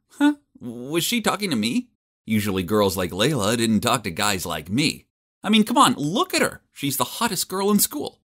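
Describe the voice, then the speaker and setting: Expressive male animated-story narrator. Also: mid-range voice, moderate pace. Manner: expressive, jokey, self-deprecating. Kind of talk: scripted first-person narration for an animated story.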